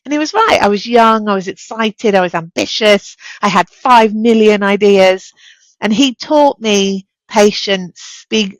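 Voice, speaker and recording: In a candid interview conversation, a middle-aged woman who is a chief executive tells lively, animated stories as a guest, voicing the dialogue as she goes. She speaks at normal speed with a medium-pitched voice, and the audio is poor but has no room sound.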